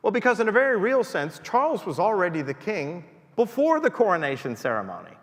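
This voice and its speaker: A man delivers a sermon in a church, his fairly high voice swelling and dropping for emphasis. The sound rings with a long church reverb, as if caught from some distance. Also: sing-song, a little fast, a bit bright. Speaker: preacher.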